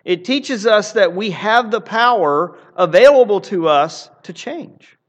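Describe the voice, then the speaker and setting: A man's voice: high voice, animated, measured pace, dull audio. A man preaching a sermon in an earnest, emphatic way, often repeating phrases for emphasis. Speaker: pastor.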